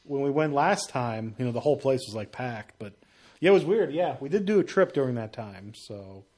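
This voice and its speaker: A man in a casual podcast chat, relaxed and full of fillers. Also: mid-range voice, brisk.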